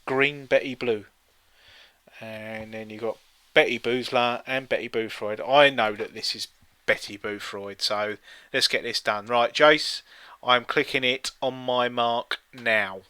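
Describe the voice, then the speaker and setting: Male co-host, chatty and jokey, bright tone, dry sound. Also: medium pitch, steady tone, a little slow, clear, resonant tone, no room sound. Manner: jokey, chatty, reads quiz questions aloud with asides. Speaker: co-host playing a teletext quiz on stream. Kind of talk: casual chat while playing a quiz.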